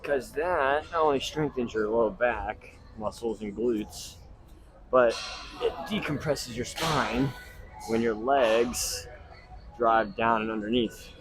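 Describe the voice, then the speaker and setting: Slow and medium-pitched, a young man vlogs his leg day at the gym, talking casually between sets and occasionally winded. He curses and offers coaching tips to viewers, and the rough recording is full of gym background noise.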